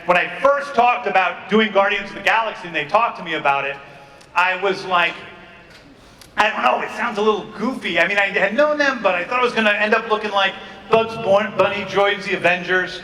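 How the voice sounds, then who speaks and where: A man's voice: high-pitched, a little fast, pushed and bright, slight background noise. A man on a convention panel, talking in a reflective way with loose fillers. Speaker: film director on a convention panel. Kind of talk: panel talk. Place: large convention hall. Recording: echoey hall recorded from far off.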